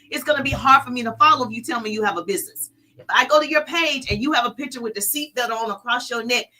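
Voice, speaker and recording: High-energy woman business coach, bright voice. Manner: energetic, hypes viewers by name. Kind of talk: live-stream coaching talk to viewers. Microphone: phone.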